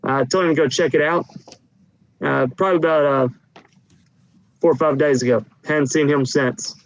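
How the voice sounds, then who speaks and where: A man voicing a loud, blustering, heavyset male official who talks crudely in a tabletop game. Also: on the high side, steady tone, moderate pace, lightly acted, poor audio. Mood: grumbling. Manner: gruff, crude, talks loudly.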